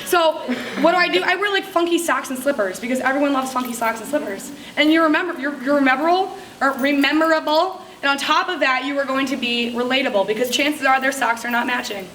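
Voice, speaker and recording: A high, bright-voiced woman speaks to a summit crowd in a lively, chatty way and slips into playful bits of party small talk. She is heard from a distance across a roomy hall with echo, and there is a faint hum of ambience behind her. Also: fast, few pauses. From upstate New York. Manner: chatty and upbeat, acts out party small talk, laughs often. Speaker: direct sales speaker at a summit. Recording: echoey hall, mic from a distance.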